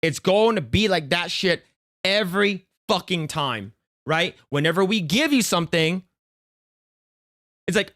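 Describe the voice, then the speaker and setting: A man's voice: sits high, expressive, a little slow, pauses often, fairly bright tone. A man streaming a reaction to a clip. He rants in a casual, profane way, often stammering and restarting his sentences.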